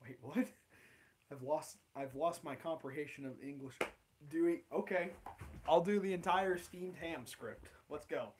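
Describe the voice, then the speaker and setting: Playful high-voiced man hosting a livestream. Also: measured pace, background noise. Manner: playful, joking, rambling. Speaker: host. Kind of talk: casual livestream Q&A.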